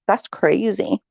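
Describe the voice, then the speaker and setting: A woman's voice: medium pitch, gravelly, darkish tone, no echo, dull audio. A woman hosting a casual livestream, reading viewer chat and giving blunt, sarcastic, gossipy opinions.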